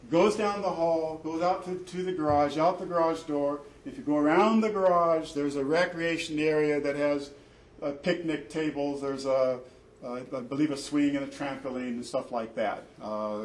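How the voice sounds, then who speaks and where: A man, a father, gives an emphatic, repetitive personal account of a family fight, with many fillers. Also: mid-range voice. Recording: echoey room.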